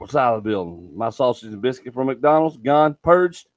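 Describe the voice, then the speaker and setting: A middle-aged man, hosting a casual chat and telling stories in an animated way, swearing freely. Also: mid-range voice, normal speed, no room sound, low-quality recording. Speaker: podcast host.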